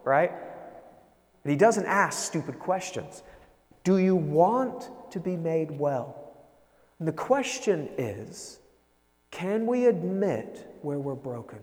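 A man preaching a sermon in a conversational, animated way, often checking in with "right?". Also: fairly high pitch, in a large hall. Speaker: pastor.

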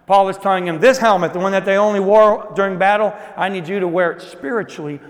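A man preaching a sermon to a congregation in a conversational style, moving between loud emphasis and hushed asides. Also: sits high, steady tone, quick pace, big-room sound. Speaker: pastor.

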